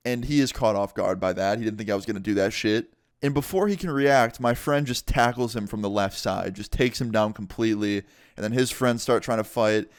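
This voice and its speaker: A man's voice: fairly low pitch, clear, resonant tone, no echo, clean studio sound. Casual, swearing young man telling a story. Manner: casual, heavy swearing, animated retelling. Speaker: vlogger. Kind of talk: storytime vlog.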